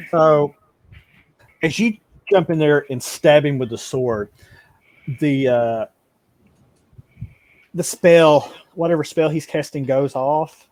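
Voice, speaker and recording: A man's voice: a little high, animated, slow, long pauses, darkish tone, no echo. A man narrating a tabletop game as game master, stumbling over and repeating words and laughing often.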